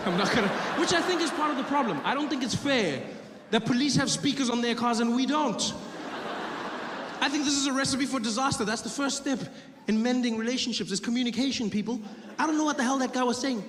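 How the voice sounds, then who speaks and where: A man doing an animated stand-up comedy routine, acting out characters. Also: extremely high pitch, fast talker. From South Africa. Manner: animated storytelling, acts out characters. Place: live comedy venue. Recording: reverberant live venue with noise.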